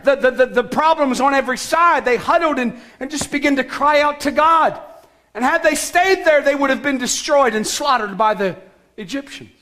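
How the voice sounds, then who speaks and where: A man preaching a sermon as pastor, emphatic, with shouted calls to action and sudden soft, low passages.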